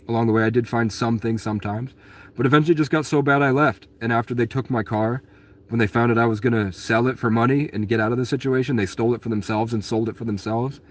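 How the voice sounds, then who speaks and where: A man at a medium pitch talking straight to his viewers in a loose, rambling monologue. He sounds aggrieved, keeps restarting his sentences and swears bluntly. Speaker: vlogger answering viewer questions. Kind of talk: casual storytelling monologue.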